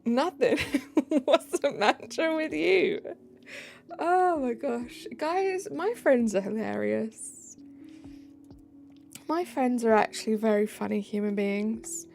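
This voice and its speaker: Tired british girl chatting on stream, bit of fry in her voice, faint music under it. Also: a little high, slow pace. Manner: chatty and giggly, drops into soft asides. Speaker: live streamer. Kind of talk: casual live-stream chat, reading chat aloud.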